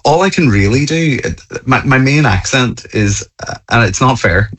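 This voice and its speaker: A man's voice: medium pitch, expressive, moderate pace. A man chatting casually as a musician guest on a radio interview, self-deprecating and talkative with small restarts.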